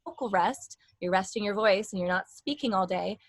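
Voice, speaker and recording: A woman's voice: mid-range voice, normal speed, no echo. A young adult woman vocal coach giving a casual, rambling lesson with demonstrations.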